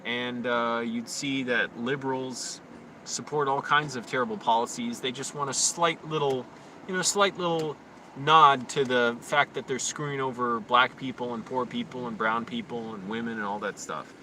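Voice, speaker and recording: Young man, live-stream rant, bright forceful voice, outdoors, phone mic, faint street noise. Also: medium pitch, fairly even intonation. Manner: rambling, quick to rant and get loud. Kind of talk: rambling live-stream talk to chat. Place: outdoors in an urban park.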